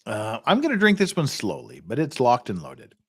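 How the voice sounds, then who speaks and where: A man's voice: medium pitch, wildly swooping pitch, moderate pace, slightly rough. A man hosting a casual livestream, swearing a lot and rambling while he drinks and gets tipsy. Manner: profane, rambling, mocking. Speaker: livestream host.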